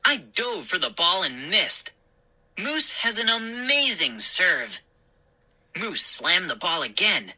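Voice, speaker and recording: A woman reading a scary children's story aloud as the show's storyteller, in a measured, expressive way. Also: fairly low pitch, rough recording.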